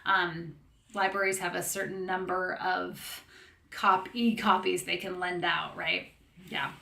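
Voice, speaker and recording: A woman's voice: fairly low pitch, steady tone, unhurried, creaky, bright, forceful tone, roomy sound. A woman author hosting a casual live book chat, chatting with viewers by name, laughing often and reading back-cover copy aloud.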